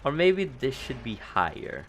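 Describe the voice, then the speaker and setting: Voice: medium pitch, very animated, measured pace, a little hiss or hum. Giggly streamer with a Filipino accent. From Philippines. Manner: giggly, thinking aloud. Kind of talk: casual livestream commentary while building in a game.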